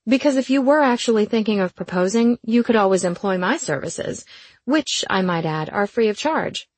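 Brief: a woman playing a nosy, excitable young woman, higher and brighter than her narration, husky voice, dry sound. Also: normal speed, dry recording. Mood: excited teasing.

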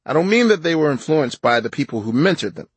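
A man narrating his own nonfiction audiobook in a measured, reflective way. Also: on the high side, sing-song, slightly rough, no echo.

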